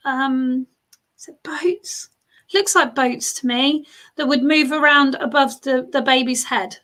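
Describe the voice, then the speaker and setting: A British woman leads a live-streamed spiritual reading and addresses viewers directly. Her voice sits high and sounds bright and clear. She talks in a chatty, informal way. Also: steady tone, unhurried. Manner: chatty, reads out viewer comments and talks straight to them. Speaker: spiritualist medium.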